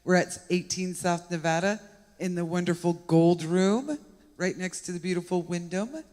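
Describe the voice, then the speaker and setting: A man's voice: high voice, normal speed, darkish tone, in a large hall. A man co-hosting a live internet radio show, playful and teasing with frequent giggles. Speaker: radio co-host. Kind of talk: casual live radio banter. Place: live music venue room.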